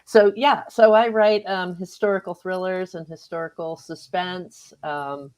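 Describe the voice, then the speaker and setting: A woman author talking easily on a radio interview, her voice sitting a little low. She's chatty, laughs a lot, and slips into quick little voices when she retells what she once said or thought. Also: steady tone, darkish tone. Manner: chatty, laughs often, acts out her own past remarks. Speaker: author guest. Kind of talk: casual interview chat.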